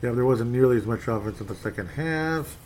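Here a sports fan commentator rambles through a casual rant by himself about his team's game, reading posts aloud in a fed-up way. His mid-range voice is a little mellow, with lively intonation and a brisk pace, over slight background noise.

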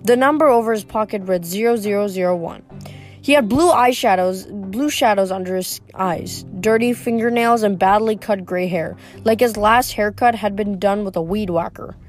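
Woman reads a chapter book aloud, trips on words now and then, middle pitch. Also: normal speed, faint music behind. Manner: unpolished reading with frequent slips and restarts. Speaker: reader. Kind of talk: reading a novel aloud.

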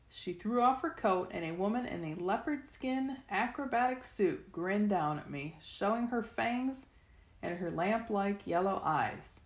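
A woman reads a novel aloud in the first person, her pitch sitting in a mid range. She tells the story steadily and sometimes restarts a phrase. The recording is roomy and echoey. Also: animated, unhurried. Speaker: reader. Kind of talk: first-person audiobook narration. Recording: echoey room.

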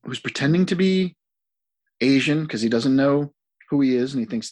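A man in casual podcast talk, halting and repeating words as he complains dryly about a movie. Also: mid-range voice, expressive, darkish tone. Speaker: podcast co-host.

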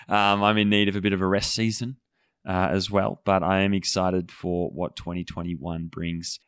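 Deep smooth-voiced male co-host. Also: fairly even intonation, a bit bright, no echo, clean studio sound. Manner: measured, methodical, listing results. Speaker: podcast co-host. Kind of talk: podcast news rundown.

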